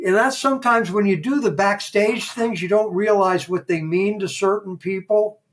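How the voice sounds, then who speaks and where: An older man spinning anecdotes as a podcast guest, his voice sitting a little on the high side. He talks in a relaxed, chatty way and slips into the voices of the people he quotes. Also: normal speed. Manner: animated raconteur who acts out quoted dialogue. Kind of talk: casual interview storytelling.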